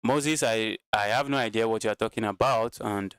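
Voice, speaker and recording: Man streaming live chess, smooth dry voice. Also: fairly low pitch, normal speed, a bit bright, no echo. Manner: repeats himself, talks to chat. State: tired.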